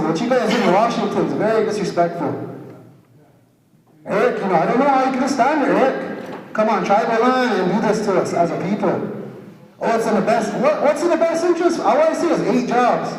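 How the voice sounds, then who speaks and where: A man speaking as a tribal councilman at a public meeting, angry and blunt, stumbling over repeated words when heated. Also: high voice. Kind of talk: impassioned public speech at a meeting. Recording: echoey hall sound from far off.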